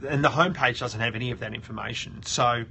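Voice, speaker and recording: A man's voice: medium pitch, fast talker, gravelly, bright, forceful tone, a little hiss or hum. A man hosting a casual screen-share tutorial, thinking aloud and often restarting his sentences. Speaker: host of a web audit show.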